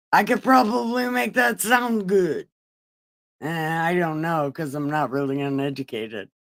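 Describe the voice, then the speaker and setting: A woman hosting a casual livestream Bible reading, swearing and laughing as she chats with her viewers. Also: on the low side. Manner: crude, swearing, laughing asides, chatting to viewers. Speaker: livestream host.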